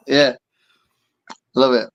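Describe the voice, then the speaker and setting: A man's voice: mid-range voice, fairly even intonation, very slow, dry recording, highs cut off. An English man hosting a casual podcast chat, reading out viewer comments with frequent ums and laughs. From England. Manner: chatty, laughs often, many ums. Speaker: podcast host.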